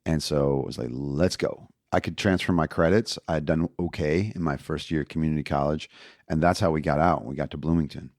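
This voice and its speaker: A middle-aged man from Indiana speaks as a podcast guest, telling stories in a loose, lively way and slipping into the voices of the people he quotes. His voice sits very low. The sound is dry and close, with no room around it. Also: fast, dry recording. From Indiana, USA. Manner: animated storyteller, acts out quoted voices. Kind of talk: casual storytelling interview.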